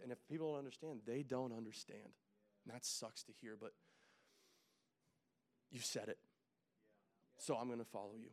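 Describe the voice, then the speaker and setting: A man in his thirties preaching a casual, joking sermon that rises into loud, emphatic calls to the congregation. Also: mid-range voice, steady tone, moderate pace, pauses often. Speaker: pastor.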